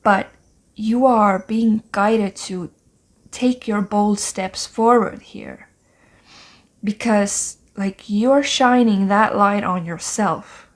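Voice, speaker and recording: A woman giving a spiritual tarot card reading in a soft, halting voice, often slipping into breathy whispers and filling pauses with "like" and "um". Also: mid-range voice. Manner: moved to tears, emotional. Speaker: tarot reader.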